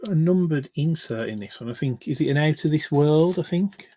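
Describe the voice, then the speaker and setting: A man's voice: fairly high pitch, lively intonation, fairly quick, mellow. Chatty man opening card packs. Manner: chatty, hesitant, lots of fillers and restarts. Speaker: card break host. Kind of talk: casual live card-break commentary.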